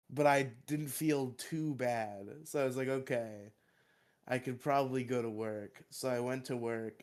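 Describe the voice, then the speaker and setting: A man's voice: medium pitch, clear, resonant tone. A young man, congested and coughing, rambling and swearing casually as a podcast co-host. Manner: swears freely, rambling and defensive.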